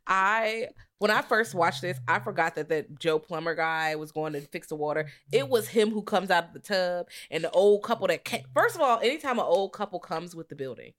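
A woman in casual chat about horror films, cursing freely and acting out scenes in lively rants. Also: on the low side, brisk, few pauses. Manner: profane, animated, acts out rants. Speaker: podcast co-host.

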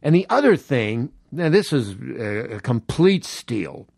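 A man hosting a solo podcast, telling personal stories in an animated way and acting out his own reactions. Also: medium pitch, measured pace, vocal fry, dry recording, studio quality. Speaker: podcast host.

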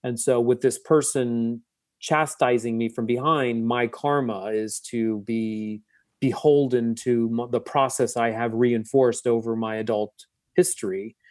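A man, a psychotherapist, telling a personal story in a reflective, halting way, with many restarts. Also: mid-range voice, fairly even intonation, a little mellow, no echo. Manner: reflective, with frequent restarts and fillers. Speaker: guest psychotherapist. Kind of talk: conversational storytelling.

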